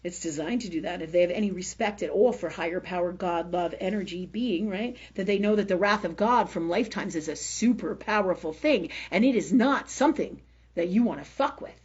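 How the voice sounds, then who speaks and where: Casting: woman, husky voice with some breath in it, unscripted spiritual talk, blunt and profane, dull lo-fi stream sound. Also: lowish voice, fairly quick, a little mellow. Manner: emphatic, swears freely, keeps asking "right?". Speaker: spiritual teacher hosting a live forum.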